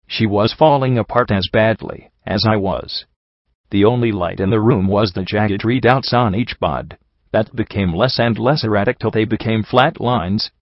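A man reading a first-person story aloud in a measured, somber way, in a dull, dry home recording. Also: fairly low pitch, no room sound. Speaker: audiobook reader.

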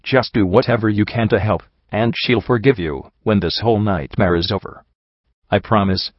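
A man's voice: lowish voice, moderate pace, no room sound, muffled recording, close to an everyday voice. A man voicing a two-faced female pony courtier who soothes with a forced sweetness. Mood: smooth.

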